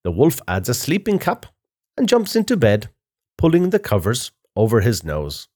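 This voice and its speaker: A man narrating a children's fairy tale in a slow, expressive storytelling style. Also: medium pitch.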